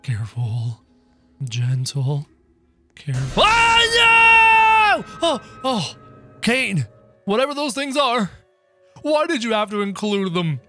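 A man's voice: high-pitched, slow pace, pauses often, faint music behind, exaggerated voice. A man doing a wild cartoon rabbit. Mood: nervous. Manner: excitable, yelps and panics loudly. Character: mischievous male cartoon rabbit, snarky, dramatic. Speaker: gamer playing in character. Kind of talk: in-character game commentary.

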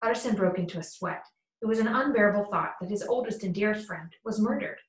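Brief: female audiobook narrator, steady and plain, echoey recording. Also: medium pitch, fast. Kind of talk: storybook narration. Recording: roomy echo.

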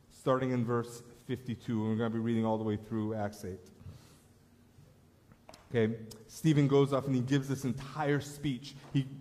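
A man's voice: mid-range voice, darkish tone. A man preaching a sermon as pastor, telling a story in an earnest way that rises to emphatic appeals, in a church sanctuary. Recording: echoey church hall.

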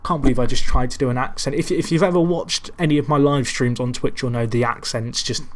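A man with a mid-range voice and a steady tone talks fairly quickly over slight background noise. He's a gaming commentator doing a casual Let's Play of his football management game, rambling and poking fun at himself while calling the match like a real commentator.

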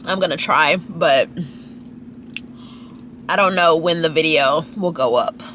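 At a restaurant, a young woman from Dallas, Texas vlogs about lifestyle, chatting and gossiping to her phone camera as she watches people. The delivery is measured and a bit bright, with swooping pitch jumps and slight background noise.

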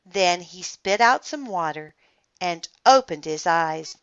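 A woman reading a children's book aloud in an expressive, animated storytelling manner. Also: fairly low pitch, takes it slowly, smooth, lo-fi sound.

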